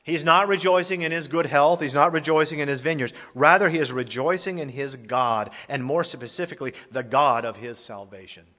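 A pastor preaching a sermon, swinging dramatically from loud declarations to hushed tones. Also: male voice, a little high, a little fast, few pauses. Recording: long reverb of a large hall.

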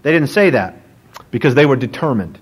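A man, a pastor, preaching a sermon in an animated, joking storytelling manner. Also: medium pitch, brisk, husky, rough recording.

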